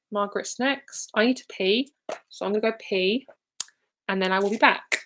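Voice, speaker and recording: A young woman gives card readings on a live stream. She talks in a loose, rambling way, fills her sentences with "like" and swears now and then. Her voice sits at a middling pitch. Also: normal speed, a bit bright, slight background noise. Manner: chatty, rambling, full of "like", casual swearing. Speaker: tarot and psychic reader.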